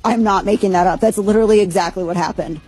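A woman's voice: medium pitch, quick pace, warm tone, soft background music. A woman talk show host, giving a casual, rambling rundown of news stories with lots of fillers.

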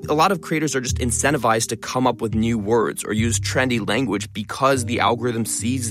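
Fast-talking man explaining. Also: medium pitch, fairly bright tone, faint music behind. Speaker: guest, content creator. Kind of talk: interview conversation.

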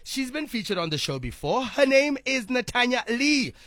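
A man's voice: extremely high pitch, sing-song, moderate pace, fairly bright tone, dry recording, clean studio sound. A man hosting a radio show, playful and teasing with his guest. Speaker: radio host. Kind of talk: lively radio banter. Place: radio studio.

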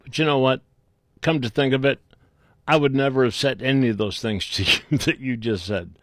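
A man hosts a talk radio call-in show in an easygoing, casual way. He mostly agrees with his co-host and often clears his throat. His voice is recorded close, with a dry studio sound. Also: mid-range voice, normal speed, a bit bright, dry recording. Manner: agreeable, laid-back, frequent throat clearing.

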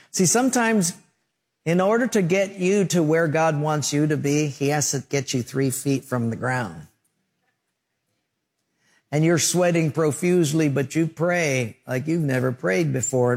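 Higher-voiced man preaching a sermon. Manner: storytelling with acted-out voices and sound effects. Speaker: pastor.

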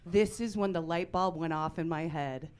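A woman in her forties performing a stand-up comedy set on a club stage, deadpan with sudden loud punchlines. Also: lowish voice, normal speed, smooth.

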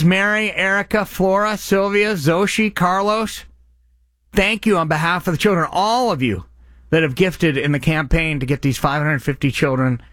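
A man's voice: on the high side, fairly bright tone, dry recording, studio quality. A man hosting a radio charity appeal, speaking in an earnest, impassioned way. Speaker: radio host.

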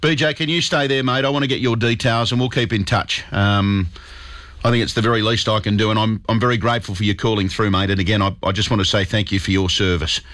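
Aussie radio host guy, earnest, keeps repeating himself, calls everyone mate, lowish voice. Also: fairly even intonation, quick pace, fairly bright tone, no room sound. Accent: Australian. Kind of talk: talkback radio chat.

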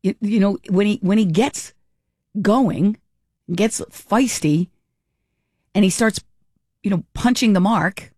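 A woman hosting a morning talk radio show, chatting in an animated way and acting out little dialogues. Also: medium pitch, slow pace, long pauses, slightly rough, no room sound. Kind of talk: casual talk radio commentary. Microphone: studio microphone.

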